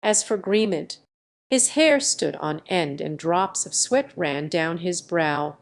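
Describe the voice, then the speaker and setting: A woman narrating a classic adventure novel as an audiobook, reading in an even, measured way. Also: fairly low pitch, gravelly. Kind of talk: scripted narration.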